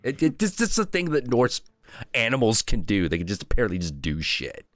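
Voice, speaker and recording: A man hosting a stream, retelling stories in an animated, casual, profane way. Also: medium pitch, brisk, no room sound, studio quality. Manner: animated, profane, with frequent restarts. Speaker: host. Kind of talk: casual storytelling chat on a stream.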